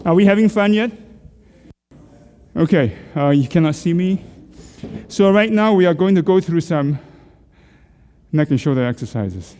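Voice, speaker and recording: Middle-aged guy leading a neck stretch class, mellow voice, big echoey hall. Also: fairly high pitch, expressive, unhurried, pauses often. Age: middle-aged or older. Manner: coaching, asks the group questions, light jokes. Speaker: health instructor leading neck exercises. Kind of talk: live group exercise class. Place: church hall.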